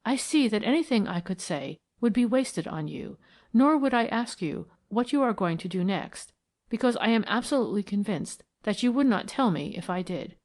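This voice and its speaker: A woman's voice: mid-range voice, expressive, normal speed, darkish tone. A woman reading a resigned young lady.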